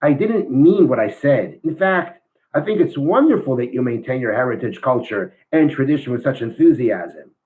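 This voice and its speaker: A man's voice: mid-range voice, animated, normal speed, phone-quality sound, natural voice. A man voicing a scornful, indignant secular businessman in a story he reads aloud during a class. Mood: apologetic. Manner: shouting, scornful, then contrite.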